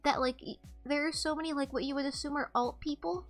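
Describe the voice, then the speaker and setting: A young woman with a high, light voice chats on a livestream, rambling through candid, offhand stories and swearing freely. Soft music plays quietly behind her. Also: steady tone, quick pace. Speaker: streamer. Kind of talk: casual livestream chat. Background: faint background music.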